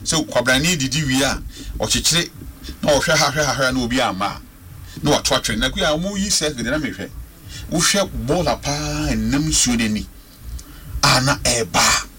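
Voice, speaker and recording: A man's voice: medium pitch, moderate pace, pushed and bright, slight background noise. A man with a Ghanaian accent calling in to a radio talk show, speaking with passion and repeating words for stress. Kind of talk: passionate radio call-in commentary.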